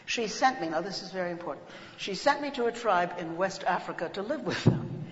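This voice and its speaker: A woman giving a workshop lecture, telling stories with lively chants and voices. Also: on the low side, brisk. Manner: animated storytelling, breaks into chants and voices. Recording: echoey hall, dull lo-fi sound.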